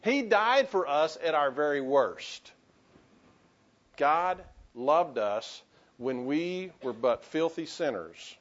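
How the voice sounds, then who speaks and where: Man, pastor, fervent sermon, slightly high voice, muffled lo-fi church recording. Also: lively intonation, slow. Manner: impassioned preaching with many restarts and rising calls to the congregation. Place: church sanctuary.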